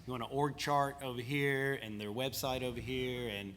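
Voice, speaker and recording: A man's voice: medium pitch, fairly even intonation, normal speed, fairly bright tone, slight background noise. Laid-back Southern man on a panel. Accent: Southern American. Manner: laid-back, self-deprecating, laughing. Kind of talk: casual panel discussion. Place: conference panel room.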